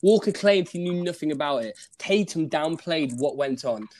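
A man's voice: on the high side, lively intonation, a little mellow. Chatty non-American man talking basketball. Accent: non-American English. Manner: reads haltingly with fillers. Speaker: podcast co-host. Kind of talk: casual sports chat, reading news aloud.

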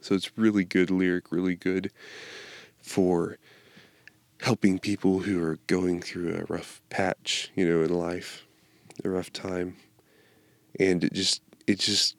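A man giving an informal devotional talk, reading song lyrics aloud in a slow, earnest way that halts and restarts. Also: sits low, level tone, creaky, no echo. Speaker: devotional speaker.

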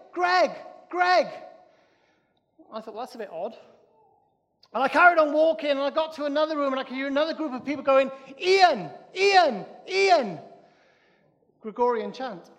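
A male pastor preaching a lively sermon to his church, with a joke and frequent restarts. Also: very high voice. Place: church hall. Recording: reverberant church hall.

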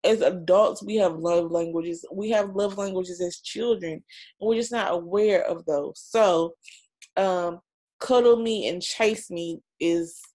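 A woman's voice: fairly low pitch, unhurried, warm tone. A woman in her thirties hosting a casual podcast, chatty and emotional, with casual swearing. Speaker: podcast host, mother.

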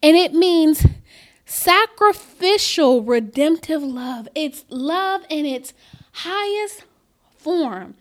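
High-voiced, slow, emphatic woman preacher. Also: expressive. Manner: emphatic, building to loud declarations; reads scripture slowly and deliberately. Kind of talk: sermon.

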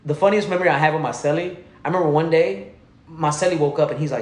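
This fast-talking man spins stories in relaxed, slang-filled chat. He is animated and laughs his way through the funny parts, going low and quiet to quote other people, all with a roomy echo on the recording.

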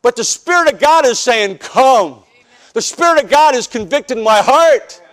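A pastor from the northern United States delivers a personal testimony sermon in an extremely high voice at a moderate pace. His storytelling is animated and joking, acting out scenes.

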